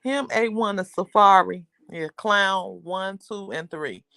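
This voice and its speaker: A woman's voice: medium pitch, takes it slowly, vocal fry, pushed and bright, no echo, clean studio sound. A woman hosting a casual livestream, chatting with viewers in a rambling, talkative way. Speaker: livestream host.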